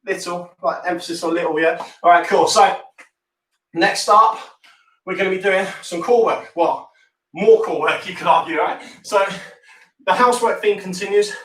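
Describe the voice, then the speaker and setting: Jokey high-voiced male fitness coach. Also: normal speed, a bit bright. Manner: encouraging, jokey, counts down reps. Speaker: fitness instructor. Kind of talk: home workout coaching. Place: room at home. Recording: roomy sound, mic at a distance.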